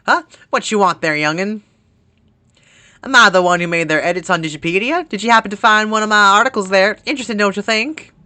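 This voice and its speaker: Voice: mid-range voice, no echo, voice pushed up, lightly acted. A streamer reading game dialogue aloud, voicing a brash male writer with a put-on country accent and a cocky, folksy manner. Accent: put-on American country accent. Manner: loud, folksy, rapid and cocky.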